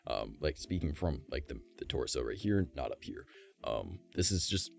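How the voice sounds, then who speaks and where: Raspy man, very deep voice, swings pitch a lot, casual streamer chat, faint music behind. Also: big pitch swings, moderate pace, darkish tone. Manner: swears casually, demonstrates his voice sliding low and high.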